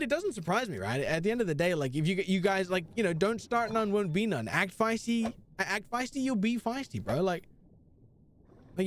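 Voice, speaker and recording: A young man chatting with his live-stream audience while he plays, with a fairly high voice that bounces all over the place. He jokes around, teases his chat and falls into playful bits. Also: slight background noise. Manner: playful, swinging between bits and mock pleading.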